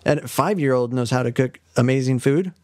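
A man co-hosting a podcast, retelling a fairy tale casually in a rambling, animated way. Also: mid-range voice, a little fast, no room sound, clean studio sound. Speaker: podcast co-host.

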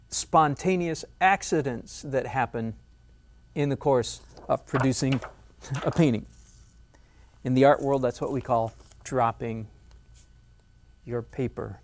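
Male art instructor, middle-aged, animated demo-lesson delivery with self-mocking humor. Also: medium pitch. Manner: animated, self-mocking, breaks into laughs and playful squeals. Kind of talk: painting demonstration lesson.

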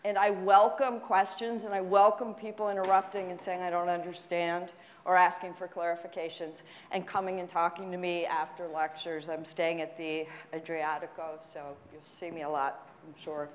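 A woman giving a university math lecture in a relaxed, chatty way with self-deprecating asides. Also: fairly low pitch, normal speed. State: slightly winded from running. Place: lecture hall. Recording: long hall reverb.

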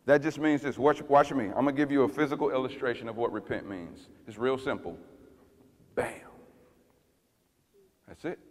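A man preaching a sermon as pastor, swinging from loud fiery passages to hushed tender ones. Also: medium pitch, expressive, normal speed, pauses often, big-room sound.

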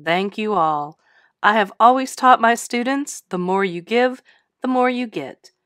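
A woman's voice: a little high, animated, unhurried, a bit bright, dry recording, clean studio sound. A woman doing a kindly male school principal. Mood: heartfelt.

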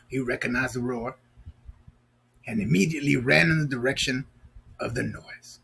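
A man's voice: mid-range voice, normal speed, creaky, a bit bright, husky. A man reading a storybook aloud to children, chatting playfully and asking them questions between passages. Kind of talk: storybook read-aloud with asides.

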